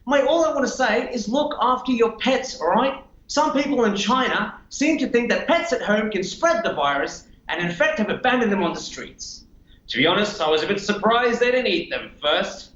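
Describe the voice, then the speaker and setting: Un hombre interpretando a un australiano relajado y bromista, con acento australiano y tono burlón. La voz es aguda y resuena en una sala con eco. El audio suena apagado. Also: male voice, high-pitched, lively intonation, normal speed, a bit bright, reverberant, highs cut off. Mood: joking. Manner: casual, teasing. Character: laid-back joking Australian bloke.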